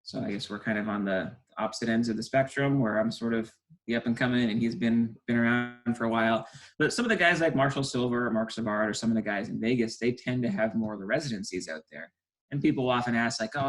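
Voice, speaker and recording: A man's voice: mid-range voice, fast talker, low-quality recording. A man in his twenties, a stage hypnotist, talking casually and eagerly as an interview guest. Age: 20s.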